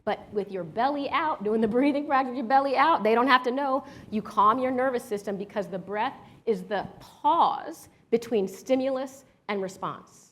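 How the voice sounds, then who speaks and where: A lively woman from Washington, D.C. teaches a breathwork workshop, talking straight to the crowd with an easy "y'all". Her voice sits a little high for a woman. She guides each breath step by step. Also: normal speed, hardly any pauses. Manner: lively, chatty, addresses the audience with "y'all". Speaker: workshop leader. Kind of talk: live workshop talk with a story.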